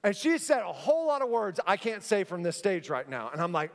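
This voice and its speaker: A man preaching a sermon from a church stage, an animated storyteller who acts out the scenes he describes. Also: high-pitched, brisk, a little hiss or hum. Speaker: pastor. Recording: long church hall reverb.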